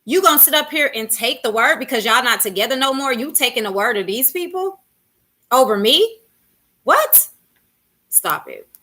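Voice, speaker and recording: A woman vlogger reacting to a clip, high in pitch and bright in tone. She is emphatic and sassy, and she fires off rhetorical questions to her viewers. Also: expressive, fast talker, hardly any pauses. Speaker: commentary vlogger. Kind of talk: reaction commentary.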